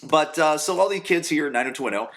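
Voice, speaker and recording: A man's voice: fairly high pitch, lively intonation, quick pace, fairly bright tone, echoey room. A man in his forties hosting a casual solo podcast from his home basement, crude and rambling, swearing freely and full of fillers. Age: 40s. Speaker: podcast host.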